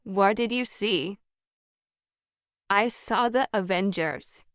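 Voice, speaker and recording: A woman reading a scripted practice conversation in a slow, evenly paced, carefully articulated way. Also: medium pitch, a bit bright, dry recording. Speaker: English practice dialogue voice.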